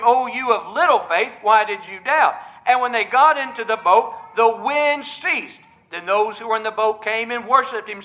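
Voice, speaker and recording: A man delivers a sermon with a strikingly high voice. His tone is bright and tense. He preaches earnestly, climbing to loud emphasis and falling to near-whispered moments. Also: low-quality recording. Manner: earnest preaching, rising to loud emphasis and dropping to hushed tones.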